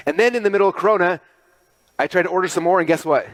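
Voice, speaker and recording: A middle-aged man giving an animated business talk to an audience, talking quickly and excitedly with many fillers and restarts. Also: high-pitched, no echo. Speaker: speaker presenting to an audience.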